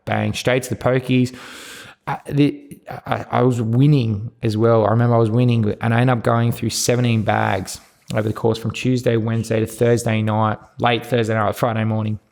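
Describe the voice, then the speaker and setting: Australian male guest, candid storyteller, rambling and frank, gravelly voice. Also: mid-range voice, little pitch movement, moderate pace, a little mellow. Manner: rambling, frank, swears, many restarts. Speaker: podcast guest. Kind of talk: candid personal storytelling interview.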